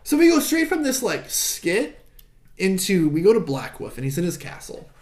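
Guy excitedly retelling a movie plot, bit high voice, echoey room. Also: normal speed. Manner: animated retelling, acts out character lines. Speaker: podcast co-host recapping a film. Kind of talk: casual chat.

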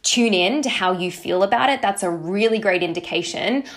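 An upbeat woman hosts a podcast, talking casually and motivationally about mindset. She chats freely, acting out her own past thoughts and checking in with listeners with a quick "okay?" or "right?". Her pitch sits mid-range for a woman. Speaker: podcast host, social marketing entrepreneur.

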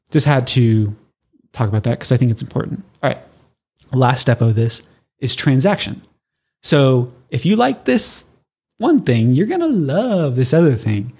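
A medium-pitched man from Southern California, speaking with a Californian accent, hosts a solo podcast. His teaching style is casual and animated, and he often laughs and acts out how his listeners might react.

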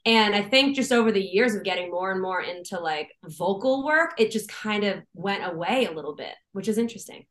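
A young woman from Boston, a guest musician chatting casually on a podcast, animated and quick to laugh. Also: mid-range voice. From Boston, USA. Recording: roomy echo.

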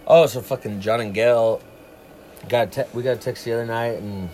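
This livestream co-host has a mid-range, somewhat dark voice and a steady tone at normal speed, with slight background noise. He chats casually, rambling through long stories and swearing freely.

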